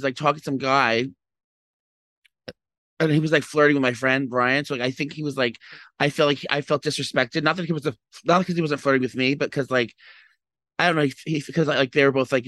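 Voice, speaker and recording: A man's voice: mid-range voice, fairly even intonation, a little fast, sharp tone, no room sound. A man in casual chat, rambling through a messy story with many restarts and fillers, tired and groggy.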